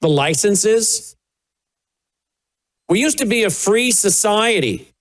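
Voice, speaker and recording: A man's voice: high-pitched, expressive, takes it slowly. A man hosting a political commentary show, talking indignantly and with sarcasm over played clips. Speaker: host.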